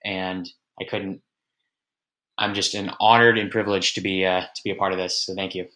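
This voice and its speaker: Bright-voiced man, fitness coach guest. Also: low-pitched, level tone, normal speed. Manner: warm, affirming, grateful. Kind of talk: casual chat.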